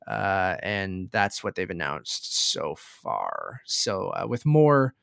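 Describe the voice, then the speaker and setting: A Canadian man chats about films on a casual podcast in a low voice, recorded dry and close. He's easygoing and self-deprecating, often trailing off into asides before picking the thread back up. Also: huge pitch swings, slow pace, creaky, a bit bright, clear, resonant tone, no echo. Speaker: podcast co-host discussing films. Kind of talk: casual film podcast chat.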